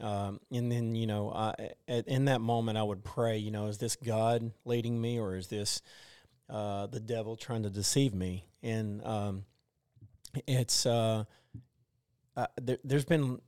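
Guy in his 40s, lots of ums and restarts, smooth clear voice, dry close sound. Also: mid-range voice, darkish tone, dry recording. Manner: halting, many fillers and restarts. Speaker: group discussion member. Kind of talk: casual faith discussion.

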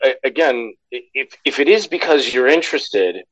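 A man talking as a podcast guest, halting and thoughtful, with many restarts. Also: mid-range voice, lively intonation, fairly bright tone, no echo, highs cut off. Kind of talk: casual chat.

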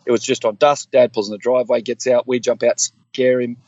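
A former police officer in his fifties, appearing as a guest, tells stories from his own life in an earnest, animated way and acts out the voices of the people in them. His mid-range voice moves fairly quickly, and the recording has no room sound and cut-off highs. The conversation is candid.

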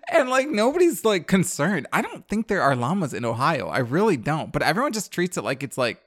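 A man's voice: a little high, very animated, moderate pace, a bit bright, no echo, clean studio sound. A young man co-hosting a podcast, recapping a movie in rambling casual chat full of "like" and laughter. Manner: rambling, filler-heavy, laughing often. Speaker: podcast co-host.

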